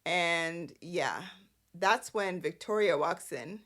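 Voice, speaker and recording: A woman's voice: mid-range voice, expressive, slow, fairly bright tone. A woman hosting a casual recap show, chatty, sassy and exasperated. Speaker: host.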